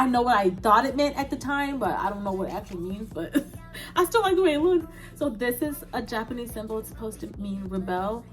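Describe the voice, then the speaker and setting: Chatting casually and openly, this young vlogger responds to questions from her viewers in a mid-range voice, frequently laughing and tossing off brief asides.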